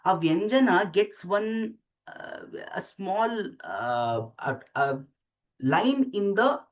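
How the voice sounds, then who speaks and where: A teacher slowly explaining letters and sounding each one out for the class. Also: medium pitch, expressive, highs cut off. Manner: slow, deliberate, repeats sounds aloud for practice. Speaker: Sanskrit teacher. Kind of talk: explaining script while writing letters.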